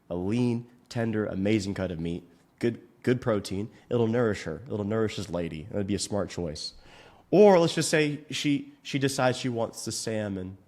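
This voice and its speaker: A man's voice: lowish voice, animated, normal speed, darkish tone. A male fitness coach in a profane, mock-outraged comedic rant, swearing constantly.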